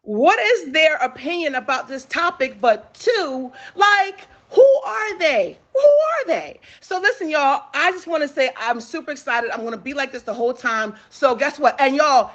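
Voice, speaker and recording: A woman hosting a livestream talk show, chatting about celebrity news in an excitable way, hyping up her listeners and repeating herself often. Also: high voice, moderate pace, hardly any pauses, dull audio. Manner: excitable, hypes the audience, repeats phrases. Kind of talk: energetic celebrity gossip chat.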